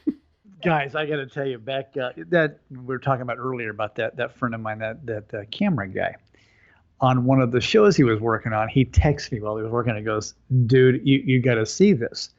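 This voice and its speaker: A man's voice: mid-range voice, a little fast, muffled recording. A man co-hosting a podcast in casual chat, a rambling storyteller who laughs often. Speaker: podcast co-host.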